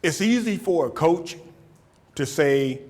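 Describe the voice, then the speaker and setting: A man in his fifties, a football coach, giving a motivational talk and taking questions, animated and repeating words for emphasis. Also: fairly high pitch, takes it slowly. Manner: animated, acts out shouted quotes, laughs often. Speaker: football coach speaking at a camp.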